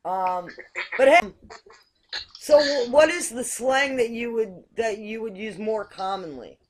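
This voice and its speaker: A woman's voice: on the high side, lively intonation, measured pace. An American woman hosting a casual video call chat, hesitant with many ums and frequent laughs. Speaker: show host.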